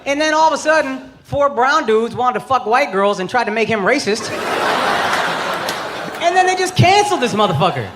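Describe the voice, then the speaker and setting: A brash man in his thirties works a stand-up crowd with a high, lively voice that jumps all over. He swears freely and punches out his lines. Loud laughter and cheering from the audience roll behind him on a live club recording. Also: normal speed, very noisy. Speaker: stand-up comedian. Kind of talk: stand-up comedy set. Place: comedy club stage before a laughing audience.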